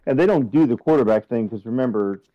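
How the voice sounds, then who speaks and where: A man's voice: mid-range voice, expressive, quick pace, no room sound, muffled recording. A man co-hosting a podcast in casual chat, rambling and repeating words as he thinks. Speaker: podcast co-host.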